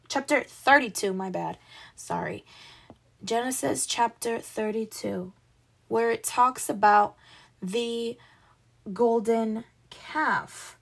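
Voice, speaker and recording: A woman's voice: a little high, gravelly, breathy edge. A woman reading a Bible passage aloud in a casual way, stumbling and apologizing for her slips. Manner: apologetic, stumbling over words, laughing at own mistakes. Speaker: Bible reader.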